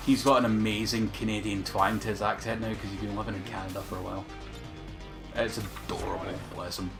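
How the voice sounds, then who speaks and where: A man's voice: lowish voice, flat delivery, a little fast, gravelly. Casting: male game streamer, casual and rambling, lots of swearing, game music underneath. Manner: rambling, sweary, chatting with viewers. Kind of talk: casual live-stream chat.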